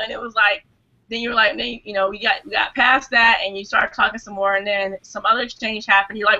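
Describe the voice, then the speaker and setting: Her pitch fairly high and intonation fairly even, this woman talks a little fast in a pushed, bright way. As a hangout guest in a relaxed group chat, she speaks earnestly, restarting often and saying "you know" a lot, all over dull, lo-fi video call audio.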